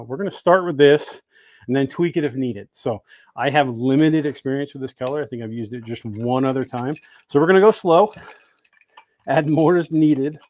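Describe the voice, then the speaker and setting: A man hosts a laid-back bait-making stream from his indoor workshop, demoing his work while chatting and greeting viewers by name. His mid-range voice has a darkish tone, recorded with no room sound.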